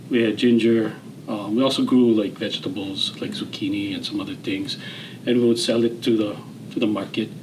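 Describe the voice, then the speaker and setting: A man of around sixty with a Hawaiian Pidgin-tinged accent, telling his story as a guest in a relaxed, rambling way, with fillers and restarts. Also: fairly low pitch, a little hiss or hum, poor audio. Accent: Hawaiian Pidgin-tinged English. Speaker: interview guest, retired general. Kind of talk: casual storytelling interview.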